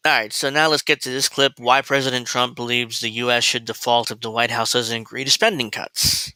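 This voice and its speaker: Blunt, profane man with a bright voice. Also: mid-range voice, steady tone, fairly quick, clear, resonant tone, no echo, low-quality recording. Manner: mocking, laughs at his own points. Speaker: commentary show host. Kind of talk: political commentary livestream.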